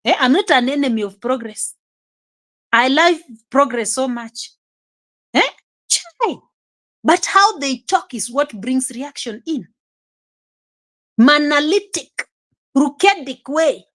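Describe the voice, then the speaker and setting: A woman's voice: sits high, lively intonation, measured pace, a bit bright. A woman giving casual reaction commentary, exclamatory and scolding, chuckling often. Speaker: reaction vlogger.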